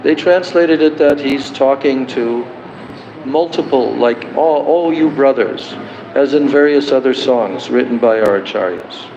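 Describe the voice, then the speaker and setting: A man giving a devotional lecture, slowly explaining and chanting song verses as a spiritual teacher. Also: medium pitch, background noise. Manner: slow and deliberate, chanting verses. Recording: roomy, dull, lo-fi livestream.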